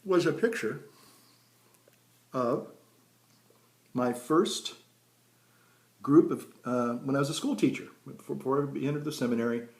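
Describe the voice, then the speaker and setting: Brief: man in his fifties, a priest who rambles through folksy stories and chuckles at himself, medium-pitched voice, outdoors by a vineyard. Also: measured pace, pauses often, a little mellow. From United States. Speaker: priest and pipe vlogger. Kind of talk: casual storytelling vlog.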